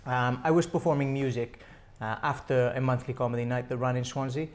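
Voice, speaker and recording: A man's voice: mid-range voice, fairly even intonation, fairly quick. Joking young man from Mallorca. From Mallorca, Spain. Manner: joking, laughs often. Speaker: stand-up comedian, interview guest. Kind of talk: casual interview chat.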